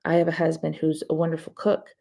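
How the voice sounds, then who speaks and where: A woman's voice: sits low, completely flat delivery, fast talker, vocal fry, warm tone. A woman hosting a casual live stream, rambling chattily and answering viewer comments as she talks.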